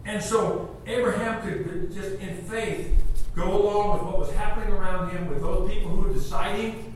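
A man preaching a sermon with animated storytelling, acting out the dialogue himself, heard from afar in an echoey church hall. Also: high-pitched, normal speed, far from the mic. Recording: echoey room from afar with faint noise.

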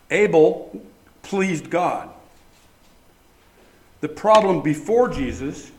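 A male pastor delivers a sermon in a lively preaching manner, tossing rhetorical questions at his listeners. His voice sits slightly high for a man. The sound carries the reverberant echo of a large room. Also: slight background noise. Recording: echoey room.

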